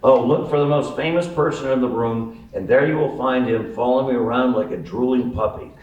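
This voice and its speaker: A man's voice: medium pitch, brisk, a little mellow, highs cut off, close to an everyday voice. A man voicing a teasing, stoned family friend who giggles at his own jokes. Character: joking, stoned middle-aged male family friend. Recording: roomy sound from a distant mic.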